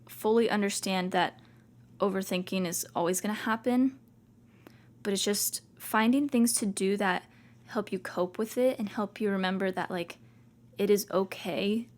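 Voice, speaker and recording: A woman's voice: medium pitch, measured pace, long pauses, darkish tone. A young woman hosting a podcast, talking casually and reassuringly, as if talking to herself, with lots of "like"s. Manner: chatty, reassuring, self-talking with many "like"s. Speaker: podcast host. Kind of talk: casual self-help talk.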